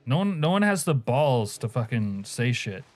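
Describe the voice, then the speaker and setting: A man's voice: medium pitch, big pitch swings, moderate pace, a little mellow. A man from Alaska streaming a game, chatting casually and crudely with viewers, joking and laughing often. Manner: profane, joking, answers chat, laughs often. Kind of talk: casual live-stream chat.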